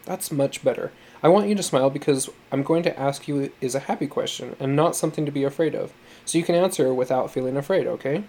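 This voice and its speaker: A man reading the part of a tender, patient foster mother who speaks gently and coaxingly. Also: mid-range voice, fast talker, natural voice. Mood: gentle.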